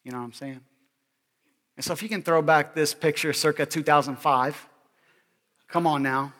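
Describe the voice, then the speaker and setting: A male pastor giving a sermon in an animated, joking way, often checking in with the congregation. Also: on the high side, normal speed, big-room sound. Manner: animated and joking, keeps asking "all right?".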